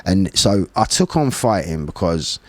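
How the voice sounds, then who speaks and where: Brief: man in his 40s, deep voice, blunt and animated storyteller who swears a lot, dry close-miked sound. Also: a little slow, no echo. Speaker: podcast guest, former bare-knuckle fighter. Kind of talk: casual storytelling conversation.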